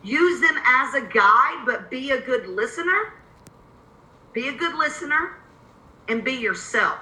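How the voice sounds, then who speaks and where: A woman's voice: high-pitched, expressive, unhurried, bright, forceful tone, roomy sound, low-quality recording. A woman with a Southern accent coaching real estate investors on cold calls in a live webinar, emphatic and repeating her key points.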